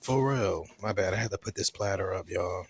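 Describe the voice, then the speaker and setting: Man, low voice, AAVE, casual profane show-review rant, laughs easily. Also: a little fast, gravelly, slightly rough. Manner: loose, chatty, profane storytelling with laughs.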